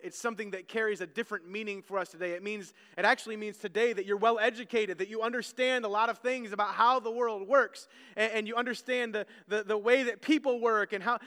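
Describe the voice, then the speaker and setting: A man's voice: sits high, fairly even intonation, a little fast, hardly any pauses, bright, forceful tone, clean tone. A man preaching a sermon as pastor, telling stories earnestly and often repeating words as he restarts a phrase. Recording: long church hall reverb.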